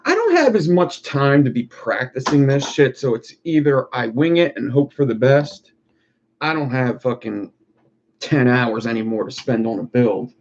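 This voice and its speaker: Through a lo-fi, muffled recording comes a man with a medium pitch and darkish tone, rambling and swearing in a relaxed way. He's streaming live while he builds wire art.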